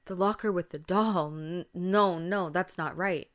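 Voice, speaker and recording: Woman doing a teenage schoolboy, offhand, plain delivery, somewhat low voice, spooky podcast story. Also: a little slow, lightly acted. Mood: alarmed. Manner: casual, then alarmed. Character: teenage boy, a senior student.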